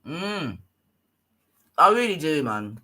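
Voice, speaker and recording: Scornful London man hosting a livestream rant, piercing, sharp voice, slightly high. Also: big pitch swings, slow pace. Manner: scornful, loud, swearing. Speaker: livestream host.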